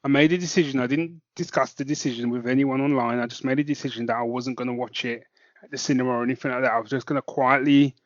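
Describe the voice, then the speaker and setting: A man's voice: mid-range voice, fairly even intonation, fast talker, dry recording, highs cut off. A man co-hosting a casual podcast chat, dry-humoured and a little rambling. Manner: dry, laid-back, rambling. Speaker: co-host.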